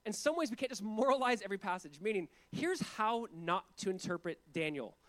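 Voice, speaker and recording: High-voiced, conversational male preacher. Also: expressive, a little fast, fairly bright tone. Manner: conversational, jokey preaching with frequent asides and laughs. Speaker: pastor. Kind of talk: sermon.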